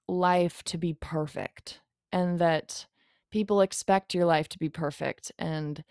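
A woman's voice: fairly low pitch, gravelly, a little mellow, no echo. Young woman, podcast host, confessional rambling monologue, frank with casual swearing, dry close recording. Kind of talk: candid solo podcast monologue.

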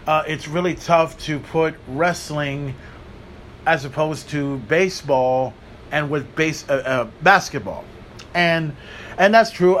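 A man's voice: a little high, slight background noise. A man hosting a podcast, delivering a solo wrestling commentary rant in a profane, emphatic way. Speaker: podcast host.

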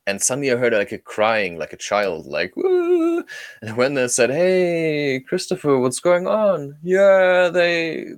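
A man's voice: on the low side, a bit bright, no room sound. A man sharing a personal story in casual conversation, earnest and wandering in his phrasing.

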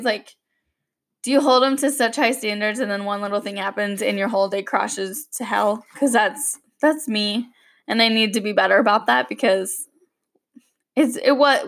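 Woman, young adult, podcast host, casual chatty monologue, slightly high pitch. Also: a bit bright. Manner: chatty and rambling, with frequent "like".

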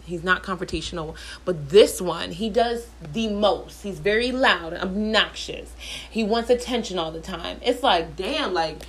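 Woman, thirties, casual storytime rant, blunt, profane, animated, at home. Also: medium pitch. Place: at home, in the bathroom.

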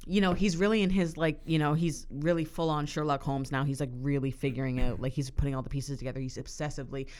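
A woman co-hosts a podcast with a notably low voice. She talks in an animated, profane, casual way and laughs often. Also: fast. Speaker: podcast co-host. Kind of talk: casual chat.

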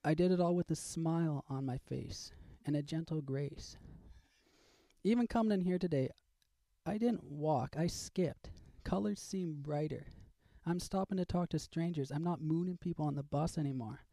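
A man's voice: on the high side, moderate pace, vocal fry, warm tone, dry recording. A man hosting a comedy rant segment, talking with sarcastic cheer that erupts into swearing.

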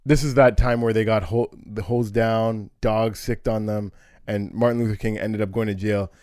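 A man co-hosting a casual podcast chat, walking through history in a relaxed conversational way. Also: fairly low pitch, moderate pace, dry recording, studio quality. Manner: explains history conversationally, with restarts and fillers. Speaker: co-host.

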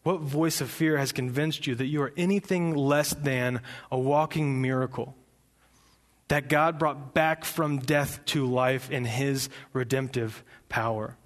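A young man preaching a sermon, impassioned and building to loud emphatic peaks. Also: medium pitch, steady tone, unhurried. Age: young adult. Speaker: pastor.

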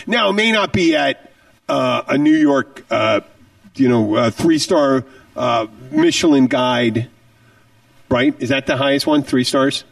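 A man's voice: medium pitch, vocal fry, dry recording, distant mic. A man hosting a casual podcast conversation, talking in an emphatic way and often repeating words. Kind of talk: casual chat.

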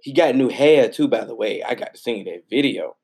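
A man co-hosting a casual sports podcast, animated and slangy, repeating himself for emphasis. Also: medium pitch, brisk, breathy edge. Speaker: podcast co-host.

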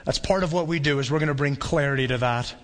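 A male pastor preaches with a bright, forceful voice that sits a little high for a man. He is conversational and animated, and he now and then acts out the voices of a crowd. His voice carries a long reverb from a church hall. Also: fast. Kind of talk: sermon.

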